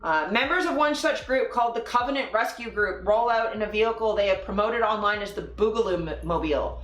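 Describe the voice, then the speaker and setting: A woman's voice: mid-range voice, brisk, fairly bright tone. Woman ranting on a stream, swears a lot, roomy sound, a little music behind. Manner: angry, profane, sarcastic. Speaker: political livestream host. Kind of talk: casual political commentary.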